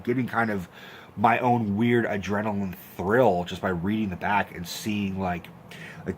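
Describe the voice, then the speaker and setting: A young man telling a story in a casual, animated, profane rant, acting out quotes with squeaky voices. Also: slight background noise. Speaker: host of a horror film rant channel.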